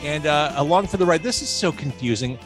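A man's voice: fairly high pitch, animated, brisk, over music. A male host on a video call giving jokey introductions in a casual interview.

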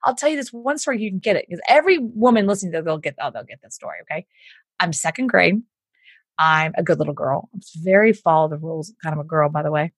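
A woman's voice: lowish voice, fast talker, no room sound. A Southern woman from Houston, a business coach, chatting on a podcast and acting out the people she quotes. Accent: Southern American. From Houston, Texas. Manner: animated storyteller, acts out quoted voices. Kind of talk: casual podcast conversation.

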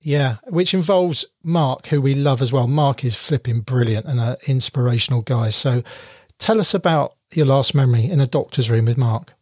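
A man hosting a podcast interview, enthusiastic and quick to laugh. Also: medium pitch, a little mellow, dry recording, studio quality. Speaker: podcast host. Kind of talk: casual interview chat.

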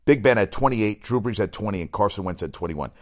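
Podcast host, male, lowish voice, rambling and excitable, swears freely, keeps correcting himself. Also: fast. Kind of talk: solo sports podcast rant.

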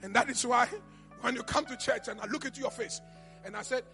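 A man with a Ghanaian accent, a pastor preaching a sermon, rising to high shouts and falling to quiet murmurs. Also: a little fast. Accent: Ghanaian English. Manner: preaching, shouts to a high pitch then drops to a low murmur. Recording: reverberant church hall with music behind.

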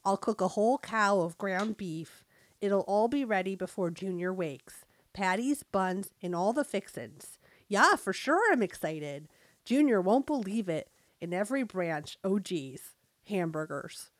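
A woman's voice: mid-range voice, lively intonation, unhurried, no echo, natural voice. A woman voicing a cheerful, chatty small-town mom with a North Dakota accent, reading a comic story aloud. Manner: folksy, bubbly storytelling.

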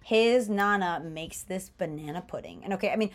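A young woman co-hosting a podcast, chatting casually with animated, enthusiastic storytelling. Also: on the low side, normal speed. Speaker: podcast co-host. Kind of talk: casual chat.

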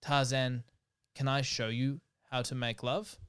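A man voicing a young jungle woman who speaks in a soft, coaxing way. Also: mid-range voice, little pitch movement, measured pace, smooth, no room sound, clean studio sound, close to an everyday voice.

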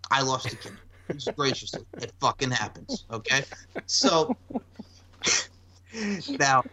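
A man's voice: mid-range voice, bright, forceful tone. A man in his twenties talking casually on a podcast, long-winded and swearing freely. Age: 20s. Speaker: podcast host.

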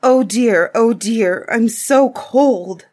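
A woman's voice: fairly high pitch, drawn-out words, a little mellow, pitched above the performer's own voice. A woman voicing a hungry, scheming female wood witch in a storybook reading, whining and pleading. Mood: whiny.

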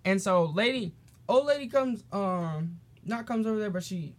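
A man's voice: high voice, normal speed. A teenage boy talks casually on his solo podcast. His storytelling rambles, full of "um"s and restarts, and he sometimes acts out the people in his story. His tone is loose and chatty. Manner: rambling and animated, with many fillers and restarts. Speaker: podcast host.

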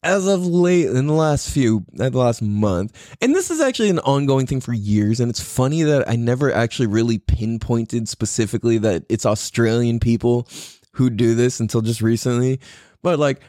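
A man's voice: mid-range voice, lively intonation, moderate pace, mellow, no echo, studio quality. A young man hosting a podcast alone, rambling casually with lots of laughs and slang. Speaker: podcast host. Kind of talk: solo casual podcast chat.

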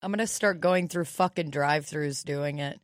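A woman's voice: deep voice, normal speed, no room sound, clean studio sound. A woman hosting a podcast in casual chat, crude, profane and teasing. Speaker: podcast host.

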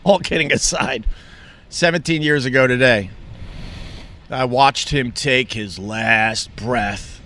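Middle aged long island guy rambling to camera, kinda high bright voice, swears a lot, real candid. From Long Island, New York. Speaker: vlogger. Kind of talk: casual personal monologue.

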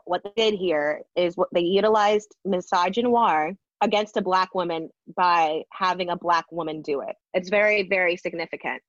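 A woman's voice: on the low side, no room sound. A woman co-host in casual commentary chat, talking emphatically with many fillers. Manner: chatty, frequent fillers, emphatic. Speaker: podcast co-host. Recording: dull, dry lo-fi audio.

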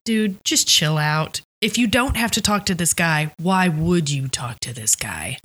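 A woman co-hosting a casual chat that recaps a TV episode, slangy, blunt and quick to laugh. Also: fairly low pitch, animated, a bit bright, breathy edge. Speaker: podcast co-host.

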